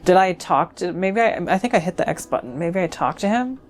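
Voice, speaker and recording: A woman's voice: on the low side, animated, brisk. A young adult woman giving casual let's play commentary, rambling and chatty with many fillers.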